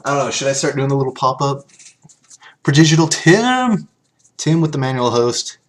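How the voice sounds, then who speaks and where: A man's voice: medium pitch, fairly even intonation, fast. A man casually chatting on a live stream, reading card text aloud and thanking viewers as he opens packs.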